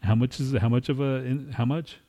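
Male podcast co-host, profane, squeamish, shrill when objecting. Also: fairly even intonation, fairly quick, warm tone. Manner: swears a lot, squeamish, pitch jumps high when protesting. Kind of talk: casual podcast banter.

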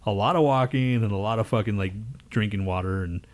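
A man's voice: fairly low pitch, moderate pace, a little mellow. A man co-hosting a casual podcast chat, ranting, swearing constantly and laughing often. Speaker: podcast co-host.

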